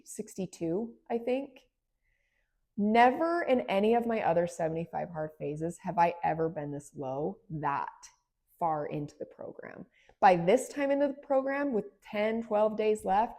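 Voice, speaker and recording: Chatty thirties woman with gravelly fry. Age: 30s. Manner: emphatic, swings from low and weary to excited. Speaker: fitness vlogger. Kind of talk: casual confessional storytelling.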